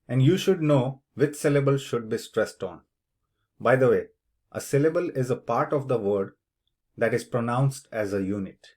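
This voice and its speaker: A man's voice: mid-range voice, a little mellow. A man teaching as an English test tutor, explaining the speaking task step by step and saying example words aloud to show where the stress goes. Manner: slow, deliberate, demonstrates word stress aloud. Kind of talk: instructional explanation.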